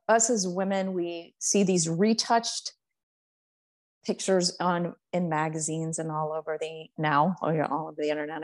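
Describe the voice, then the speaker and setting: A woman who founded a portrait art business, telling her story in a casual, earnest, heartfelt way and slowing down to stress words. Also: mid-range voice, darkish tone.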